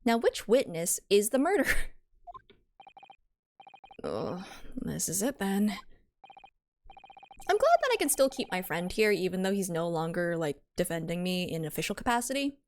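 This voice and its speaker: A woman's voice: fairly low pitch, big pitch swings, moderate pace, long pauses, a little mellow, a little hiss or hum. A woman streamer chatting casually in giggly, chatty asides while she voices a game. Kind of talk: casual stream chat between read lines.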